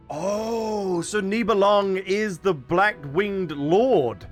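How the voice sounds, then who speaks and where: A young adult man giving casual, rambling gameplay commentary as a streamer, excitable and full of restarts. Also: sits high, measured pace, faint music behind. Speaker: gaming streamer.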